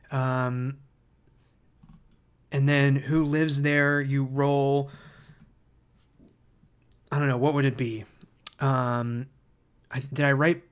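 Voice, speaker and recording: A man hosting a livestream who reads viewer comments aloud and thinks out loud, hesitant and full of fillers, easily excited by ideas. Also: mid-range voice, clean tone. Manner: enthusiastic about ideas. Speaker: livestream host.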